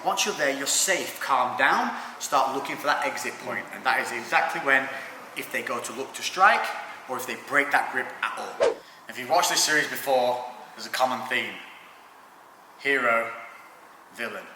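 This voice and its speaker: A man hosting a self-defence tutorial, calmly explaining techniques and adding dry jokes. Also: mid-range voice, moderate pace. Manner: calm, reassuring instruction with dry jokes. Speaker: fitness coach and host. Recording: echoey hall from far off, background noise.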